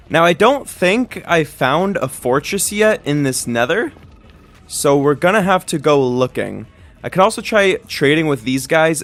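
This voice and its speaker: A young man giving casual, upbeat let's-play commentary on his game, with dramatic reactions. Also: fairly high pitch. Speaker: gaming YouTuber.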